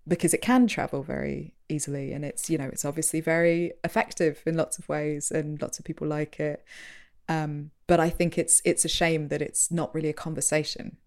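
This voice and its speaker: A woman talking casually as a radio curator in an interview, chatty and animated, often laughing as she makes her points. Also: deep voice, vocal fry.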